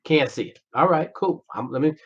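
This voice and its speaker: Man, podcast guest, blunt and profane, raised-pitch voice, slightly dull audio. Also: a little fast, breathy edge. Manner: blunt, profane, animated retelling of dialogue. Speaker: podcast guest, former Navy SEAL. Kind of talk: casual storytelling interview.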